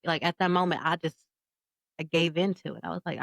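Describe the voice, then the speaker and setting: A woman's voice: fairly low pitch, brisk, vocal fry, fairly bright tone, no echo, rough recording. A woman in her thirties co-hosting a podcast, recounting a personal story with candid emotion. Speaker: podcast co-host. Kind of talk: casual podcast conversation.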